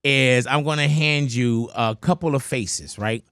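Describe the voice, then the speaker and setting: A man's voice: medium pitch, unhurried, fairly bright tone, clear, resonant tone, no echo, clean studio sound. A middle-aged man hosting an interview in a playful, casual way, laughing often and bantering with his guest. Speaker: radio and video interview host.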